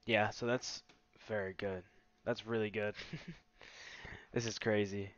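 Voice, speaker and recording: A man hosting a casual product demo, talking in a relaxed, enthusiastic, salesy way. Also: on the low side, takes it slowly, no room sound. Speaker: tech vlogger host. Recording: slightly muffled dry recording.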